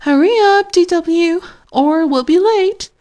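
Firm impatient mother, read by a woman, loud high calls. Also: lively intonation, a little slow. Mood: stern.

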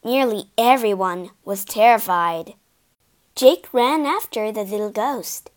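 Animated high-voiced woman reading a storybook. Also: a little slow. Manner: expressive, animated narration.

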